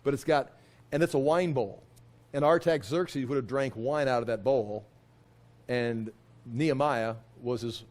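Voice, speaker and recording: A man's voice: medium pitch, a little mellow. A man teaching a casual Bible class, talking in a loose, conversational way that wanders off and restarts as he retells the story with animation.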